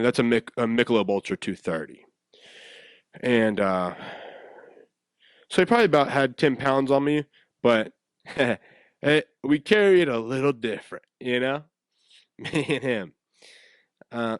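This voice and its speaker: A young man hosts his own podcast and tells a story in a loose, animated way. His pitch swings a lot while he laughs and stumbles over repeated words. The sound is dry and close, with almost no room in it. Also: dry recording. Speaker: podcast host. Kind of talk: casual storytelling monologue.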